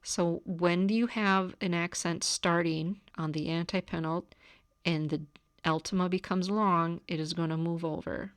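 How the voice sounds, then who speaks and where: A woman giving a recorded grammar lecture, calmly explaining step by step. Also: lowish voice, measured pace, smooth, no room sound. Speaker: teacher. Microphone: camera.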